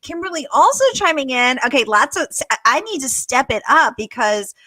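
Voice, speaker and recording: A woman's voice: high voice, expressive, fairly quick, bright, forceful tone, dry recording. An American woman hosting a live online book interview, chatty, laughing often and reading out audience comments. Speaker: host.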